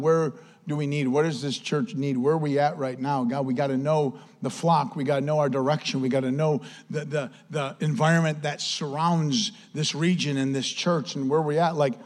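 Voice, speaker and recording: A man preaching a sermon as pastor, telling the story with animated energy and acting out the quotes. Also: a little high, big-room sound.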